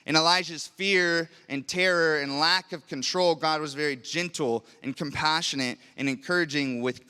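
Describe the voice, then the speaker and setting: A man's voice: on the high side, bright, forceful tone, clear, resonant tone. A young adult man preaching a sermon in a church, earnest and personal, asking rhetorical questions and telling stories from his own life. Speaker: pastor. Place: church sanctuary. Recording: long reverb of a large hall.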